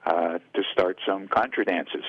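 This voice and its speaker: A man's voice: sits low, measured pace, no room sound. A man from Oregon, a guest on a radio show, speaking hesitantly with many fillers and restarts. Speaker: guest, dance caller. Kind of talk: casual radio interview. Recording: dull radio line.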